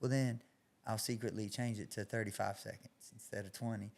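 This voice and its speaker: A man who fights and coaches at a gym, calmly explaining his training ideas as a guest on a podcast. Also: fairly low pitch, brisk, gravelly. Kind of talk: podcast interview.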